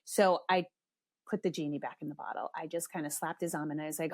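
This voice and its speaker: A woman's voice: deep voice, quick pace, no room sound. Middle-aged woman host, candid storyteller, swears freely, dry close mic. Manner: animated, drops to hushed whispers for asides. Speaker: podcast host. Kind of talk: casual storytelling.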